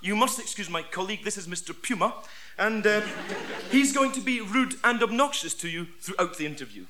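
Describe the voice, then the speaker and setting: A man's voice: sits high, lively intonation, brisk, a crowd in the background. A Scottish man playing a falsely sweet male job interviewer with a gushing, mock-polite manner. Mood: mock-nice. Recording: live audience laughing.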